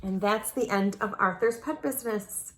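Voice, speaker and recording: A woman's voice: medium pitch, normal speed, slight background noise. A woman reading a children's picture book aloud, adding small lessons for young listeners. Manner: warm, lesson-minded aside to children. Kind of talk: children's story read-aloud.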